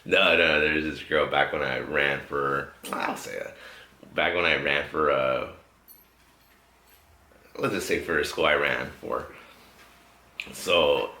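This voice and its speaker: A man's voice: very deep voice, fairly even intonation, takes it slowly, pauses often, bright, forceful tone. A man hosting a podcast, telling a rambling story with lots of swearing in casual chat. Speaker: podcast host. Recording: echoey room, faint noise.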